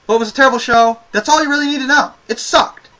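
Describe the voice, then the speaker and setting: A man's voice: extremely high pitch, fast, bright, forceful tone, muffled recording. A man giving a casual spoken review of a wrestling show, ranting with exasperation and a lot of swearing.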